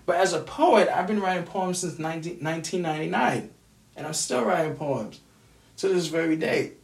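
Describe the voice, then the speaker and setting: A man's voice: a little high, moderate pace, gravelly, recorded from a distance. A man venting to the camera in a frustrated, swearing rant, often repeating himself. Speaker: vlogger. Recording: roomy echo, away from the mic.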